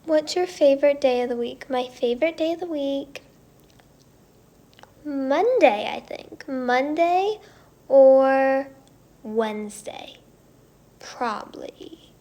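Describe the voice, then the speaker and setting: High-pitched woman, livestream host, casual and chatty, slips into soft whispers. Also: slow, pauses often. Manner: bubbly and chatty, often dropping into soft whispers. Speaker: singer hosting a livestream. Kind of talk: casual livestream chat reading viewer comments.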